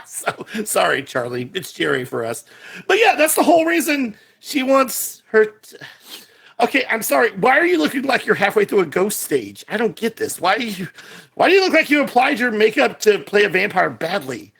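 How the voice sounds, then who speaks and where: A man co-hosting a casual movie podcast, talking in animated bursts that jump from high excited peaks to low asides. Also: moderate pace, creaky, breathy edge. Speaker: podcast co-host.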